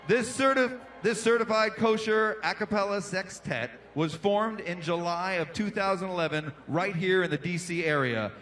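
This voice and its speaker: On a large indoor arena stage, a comedian and emcee does a stand-up set into a handheld mic, with slight background noise audible. His voice is high and bright with a sharp edge, and he's punchy and playful, landing jokes rhythmically and riffing with the crowd between bits.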